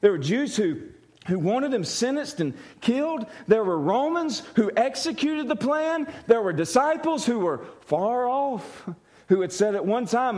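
High-voiced man preaching a sermon. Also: animated, unhurried, a little mellow. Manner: storytelling, acts out voices with laughter. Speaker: pastor.

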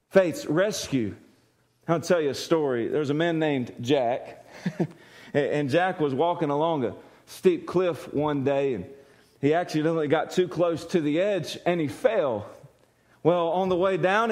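Guy preaching a sermon, kinda high voice, storytelling and doing little voices. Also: a little slow, darkish tone. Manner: storytelling, acts out voices with laughter. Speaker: pastor.

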